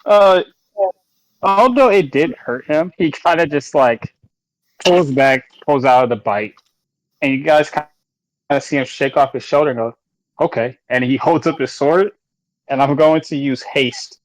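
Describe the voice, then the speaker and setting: Calm, laid-back tabletop player man. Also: a little high, a little slow, no echo, rough recording. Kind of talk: playing a tabletop game.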